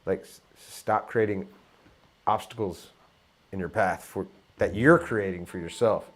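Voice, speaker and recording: A middle-aged musician in casual conversation, talking reflectively and telling animated stories. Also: male voice, deep voice, measured pace, husky. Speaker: musician guest.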